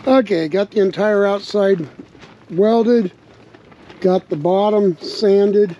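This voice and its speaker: At a windy campsite, an RV vlogger with a high voice talks slowly through building a truck tank, thinking aloud in relaxed workshop narration with a slight bark to his voice. The outdoor recording is dull and lo-fi, with wind noise.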